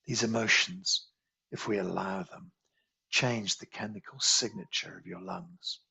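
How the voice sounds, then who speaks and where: A man leads a guided qigong healing meditation, his voice gravelly and raspy yet bright and forceful in tone. He speaks in slow, soothing, repetitive phrases, sitting a little low in pitch. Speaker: qigong teacher.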